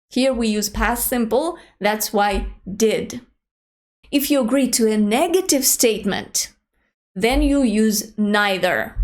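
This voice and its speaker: A young adult woman teaching an online grammar lesson, speaking example sentences slowly and clearly. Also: fairly high pitch. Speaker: language teacher.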